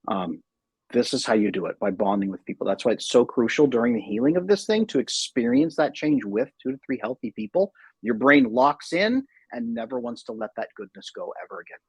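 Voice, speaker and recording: A man in his thirties, a guest in a casual podcast interview, explaining with earnest energy and acting out quoted lines in lively voices. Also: on the low side, breathy edge, dry recording, poor audio. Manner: animated, acts out quoted dialogue in lively voices. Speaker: attachment specialist guest.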